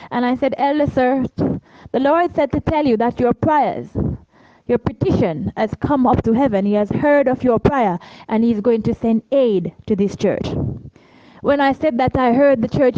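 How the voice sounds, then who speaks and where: A woman's voice: sits high, dark tone, no room sound, dull audio. A Jamaican woman telling a religious testimony about her travels as a preacher, acting out the voices of the people she met. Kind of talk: testimony storytelling.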